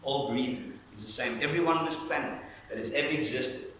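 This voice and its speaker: A male pastor preaching a lively sermon to his congregation, guiding them through breathing along the way. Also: medium pitch, brisk, noisy background. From South Africa. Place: church hall. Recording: echoey church hall, mic at a distance.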